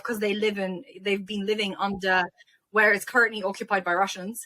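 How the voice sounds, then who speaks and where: A young woman from Ukraine, interviewed as a guest, retelling events in an animated, emotional way. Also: mid-range voice, fairly quick. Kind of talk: casual interview storytelling.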